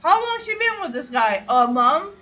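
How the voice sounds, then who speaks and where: A woman hosting a fan podcast, recapping a sitcom episode in a casual, animated way with chatty asides. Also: sits high, normal speed, lo-fi sound. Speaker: podcast host.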